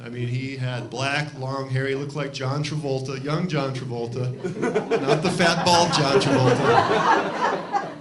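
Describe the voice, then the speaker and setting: A man's voice: medium pitch, steady tone, normal speed, crowd noise. A man from Ohio doing a loose, self-deprecating stand-up routine on a comedy club stage. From Cleveland, Ohio.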